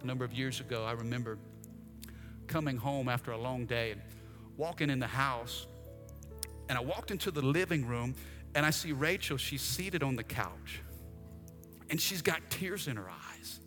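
A male pastor preaching a sermon in an animated style, acting out scenes with humor. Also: medium pitch, normal speed, long pauses. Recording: long reverb, faint music behind.

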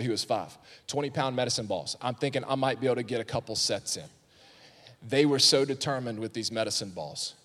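A pastor in his thirties preaching a sermon, telling stories and rising to fervent shouts. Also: mid-range voice. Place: church sanctuary. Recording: long hall reverb.

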